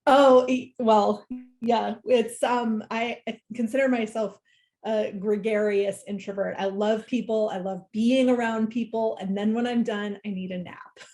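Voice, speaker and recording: Woman guest explaining clearly. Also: fairly high pitch, fairly even intonation, unhurried, darkish tone. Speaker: guest, leadership expert. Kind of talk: interview answers.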